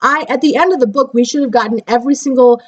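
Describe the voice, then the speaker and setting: A young woman with a fairly high voice rants her way through a casual book review, restless and exasperated. She rambles and circles back on herself as her frustration builds. The recording is dull and lo-fi, like a basic home setup. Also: fast talker.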